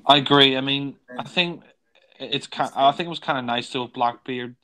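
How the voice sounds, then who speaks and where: A man's voice: medium pitch, moderate pace, pushed and bright, low-quality recording. A man giving casual, rambling commentary on a film, with lots of fillers.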